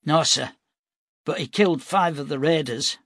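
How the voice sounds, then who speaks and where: A man's voice: fairly high pitch, moderate pace, fairly bright tone, dry recording, clean studio sound, pitched above the performer's own voice. A man voicing an eager young lad. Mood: earnest. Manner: earnest, polite. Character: eager young male cadet hopeful.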